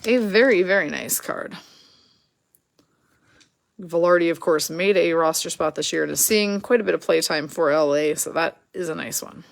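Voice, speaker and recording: A woman's voice: low voice, normal speed, vocal fry. A woman hosting a live card break, rattling off names and teams in a chatty way and laughing at her own slips.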